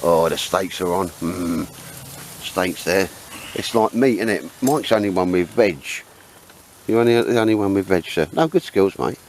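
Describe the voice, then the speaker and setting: A man's voice: deep voice, normal speed, darkish tone, poor audio. Chatty man outdoors in wind. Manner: chatty, jokey banter, calls everyone mate and sir. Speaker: vlogger filming a camping trip. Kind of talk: casual chat to camera. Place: windy, rainy campsite outdoors. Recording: wind and rain noise outdoors. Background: wind and rain.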